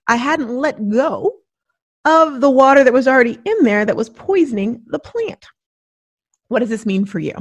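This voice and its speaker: A middle-aged woman talking as a podcast host and coach, giving a lively motivational monologue and acting out the voices she quotes. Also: a little high, no echo, studio quality. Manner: animated, acts out inner voices and quotes.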